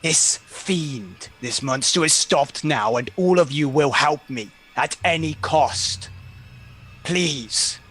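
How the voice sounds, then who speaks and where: A grieving father, desperate and commanding, played by a man at a tabletop game. He speaks slowly with a husky, bright edge and a voice that rises and falls a lot. Faint music plays behind him. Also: a little high, lively intonation, heavily acted. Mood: pleading. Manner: commanding, pleading, urgent. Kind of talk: tabletop role-play.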